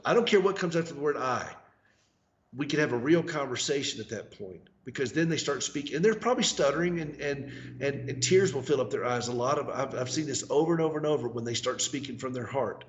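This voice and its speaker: A man's voice: mid-range voice, lo-fi sound. A man with a Southern US accent, speaking earnestly as a guest in a news interview and repeating words for emphasis.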